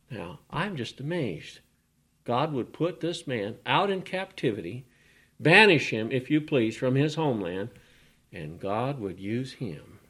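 A man preaching a sermon at a middle pitch. His delivery swings between big, emphatic rises and quiet, almost whispered passages as he reads scripture and then expounds on it. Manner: swings from loud emphatic rises to hushed, near-whispered lines.

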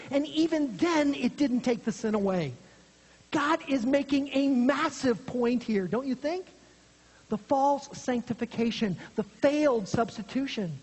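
A preacher giving an earnest expository sermon, dropping low and quiet for emphasis, recorded in a church sanctuary. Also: breathy edge. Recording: long hall reverb.

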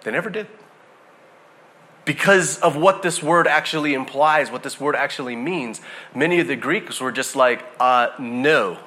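Male pastor, high bright voice, animated storyteller who acts out voices. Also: moderate pace. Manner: storytelling, acts out quoted voices, laughs often. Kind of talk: sermon.

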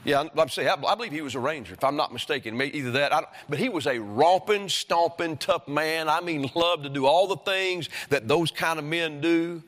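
Man, pastor, sermon, high voice, emphatic, rhetorical questions, reverberant church hall. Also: fairly quick, few pauses, a bit bright. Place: church sanctuary.

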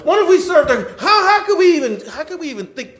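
A male pastor preaching a sermon, swinging from loud shouting to quiet asides, with colloquial talk and lots of repeated words. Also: extremely high pitch, sing-song, fast.

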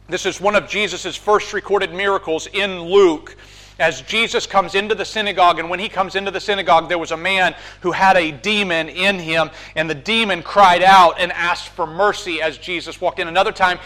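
A man preaching a sermon, building from calm scripture reading to fervent proclamation. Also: high voice.

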